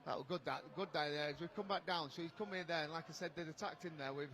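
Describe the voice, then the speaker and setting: A man's voice: fast, a bit bright. A man with a Yorkshire accent doing live match co-commentary as a former player, chatty, blunt and joking. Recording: noisy pitchside ambience.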